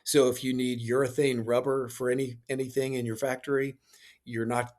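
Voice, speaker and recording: A man's voice: mid-range voice, level tone, normal speed, darkish tone. A man answering as an interview guest, explaining step by step in a lecturing way with fillers and restarts. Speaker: space industry guest.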